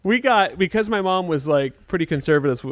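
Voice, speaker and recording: Young male co-host, bouncy intonation, quick jokes, dry sound. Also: high-pitched, animated, no echo. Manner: quick jokey interjections. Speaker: podcast co-host. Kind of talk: casual chat.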